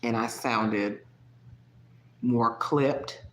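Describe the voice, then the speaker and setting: A talkative live-stream host with a soft Southern US accent, chatting loosely with viewers at a middling pitch. The voice keeps breaking into laughter and leaping upward in pitch. It rings in an echoey room. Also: expressive, moderate pace, muffled recording, slight background noise. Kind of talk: casual live-stream chat. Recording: roomy echo.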